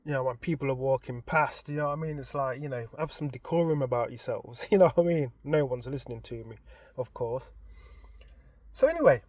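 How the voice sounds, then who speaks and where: A man, casually retelling a story in an animated, expressive way. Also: mid-range voice, fairly quick, no echo. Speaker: vlogger.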